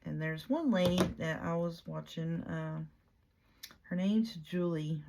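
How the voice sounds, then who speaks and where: A woman's voice: fairly low pitch, unhurried, creaky, a little mellow. A woman chatting casually while she works on a junk journal, rambling with many fillers and restarts. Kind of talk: casual chat while crafting.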